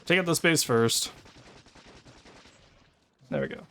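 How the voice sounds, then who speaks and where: A man's voice: on the high side, slow pace, vocal fry, pushed and bright. A male streamer giving live gameplay commentary, chatting to his viewers and swearing and exclaiming when he comes under attack. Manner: chatty asides to chat between bursts of play.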